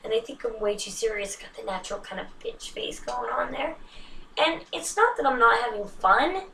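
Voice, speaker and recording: A woman's voice: fairly high pitch, normal speed, slight background noise. Woman vlogger, casual self-mocking chat, roomy echo, slightly distant mic. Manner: chatty, self-mocking, animated with sudden hushed asides.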